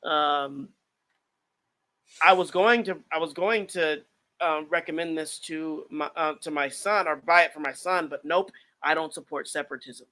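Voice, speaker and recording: A man's voice: a little high, moderate pace, pushed and bright. A man co-hosting a casual podcast about writing, talking earnestly and reflectively with many fillers. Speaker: author and podcast co-host.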